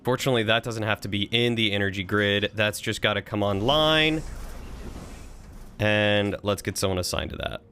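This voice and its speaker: A man's voice: on the low side, moderate pace, pushed and bright, slight background noise. A man casually thinking aloud while streaming a strategy game, chatting with and thanking his viewers. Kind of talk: casual live-stream commentary.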